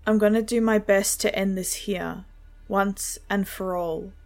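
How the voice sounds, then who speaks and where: A woman voicing a worried father who is a police officer, speaking in a low, solemn, urgent way in a spoken story. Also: fairly even intonation, measured pace, a little mellow, natural voice.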